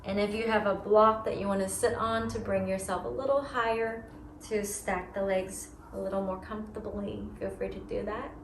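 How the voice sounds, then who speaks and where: A woman teaching a yoga class, giving slow, soothing cues about breath and movement. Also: mid-range voice, steady tone, reverberant, noisy background. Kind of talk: guided yoga class instruction.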